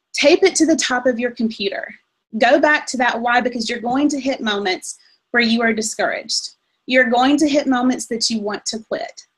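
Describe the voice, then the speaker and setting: A woman's voice: on the high side, a bit bright, low-quality recording. A woman giving a firm, rallying motivational talk about goals and purpose on a team conference call. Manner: firm, rallying, goal-driven. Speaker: guest speaker on a team call.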